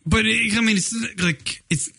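A man's voice: high-pitched, moderate pace, vocal fry, sharp tone. A man co-hosting an internet radio show in casual banter, swearing freely and asking incredulous questions. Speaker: co-host.

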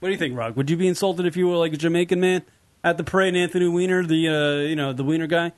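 A man's voice: fairly high pitch, racing. A man hosting a casual radio show, joking around and talking loosely with his co-hosts. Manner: jokey, puts on silly voices. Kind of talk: casual talk radio banter.

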